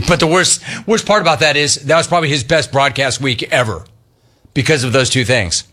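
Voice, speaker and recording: A man hosting a sports talk radio show, ribbing his co-hosts with emphatic, animated banter and repeated catchphrases. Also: a little high, normal speed. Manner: emphatic, mocking and animated, repeats phrases for effect.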